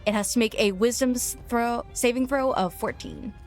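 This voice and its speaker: A woman's voice: on the high side, moderate pace, soft background music. A woman player at a tabletop game, grumbling with self-deprecating humor. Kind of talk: casual tabletop gaming chat.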